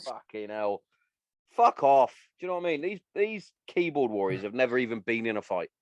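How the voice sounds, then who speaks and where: A man's voice: mid-range voice, lively intonation, brisk, no room sound, lo-fi sound. A man hosting a casual podcast from his garden shed, talking bluntly and crudely with plenty of laughs. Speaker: podcast host.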